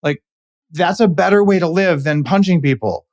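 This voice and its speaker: A man hosting a podcast interview, talking in an animated, opinionated way with quick asides. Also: fairly high pitch, dry recording, studio quality. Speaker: podcast host. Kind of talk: casual interview chat.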